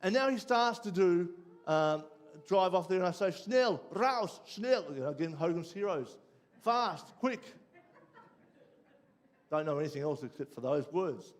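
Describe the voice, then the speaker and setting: An Australian man preaching, telling a personal story with lively ups and downs before dropping quiet and low for the lesson. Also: brisk. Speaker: pastor. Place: church.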